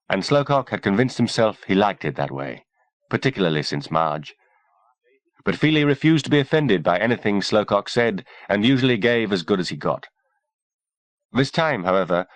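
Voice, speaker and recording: A man narrating an audiobook in a measured, expressive reading. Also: fairly low pitch, no room sound.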